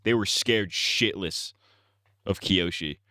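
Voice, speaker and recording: A man's voice: deep voice, takes it slowly, bright, forceful tone, no room sound, studio quality. A man streaming and casually reacting to a video, with crude, mocking banter.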